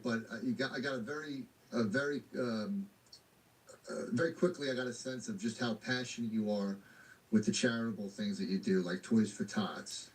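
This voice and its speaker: A man hosting a casual podcast interview speaks in a low voice. He sits a bit away from the microphone, and he asks his questions haltingly, with long winding lead-ins. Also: darkish tone, distant mic, poor audio. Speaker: podcast host.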